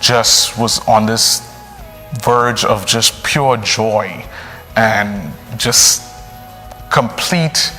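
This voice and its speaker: A young man, a priest telling his story in an earnest, animated way full of fillers. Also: fairly low pitch, extremely slow, long pauses. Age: young adult. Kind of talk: personal storytelling. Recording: long reverb, faint music.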